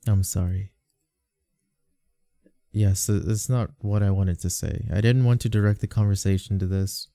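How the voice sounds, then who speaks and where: A man playing a gravelly soft-spoken boyfriend. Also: on the low side, fairly even intonation, normal speed, pauses often, dry recording, studio quality, close to an everyday voice. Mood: tender. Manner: soft, pleading, apologetic. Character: gentle, devoted young male boyfriend. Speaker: comforting boyfriend. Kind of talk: whispered role-play.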